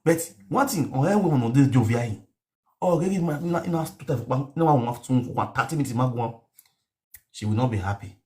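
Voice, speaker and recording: A man's voice: mid-range voice, normal speed. A man with a Nigerian accent telling a rambling story on a live stream, mixing pidgin with a local language and repeating words. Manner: mixes pidgin and local language, repetitive, animated. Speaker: online show host.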